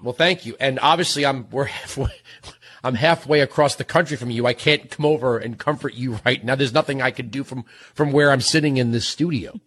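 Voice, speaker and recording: A man hosting a call-in radio show from a studio, speaking gently and consolingly to a caller. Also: medium pitch, fairly quick, slightly rough. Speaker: radio host.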